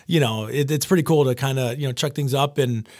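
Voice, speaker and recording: Fast-talking, animated chef. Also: male voice, mid-range voice, dry recording, clean studio sound. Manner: rambling, animated, acts out quoted voices. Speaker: chef and pizza shop owner. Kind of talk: casual interview chat.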